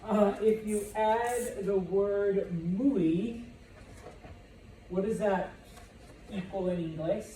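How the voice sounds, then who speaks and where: A man's voice: sits high, steady tone, extremely slow, pauses often, dark tone, slight background noise. A male Spanish teacher giving a classroom lesson, explaining patiently and checking in with "okay?" and "all right?".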